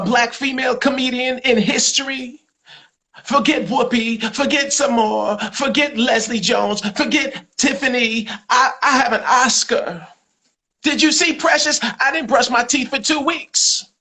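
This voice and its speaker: A man's voice: very high-pitched, measured pace, pushed and bright, pitched above the performer's own voice, full character voice. A man voicing an indignant, proud woman comedian who scolds and protests in a sassy manner. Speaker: comedian doing impressions.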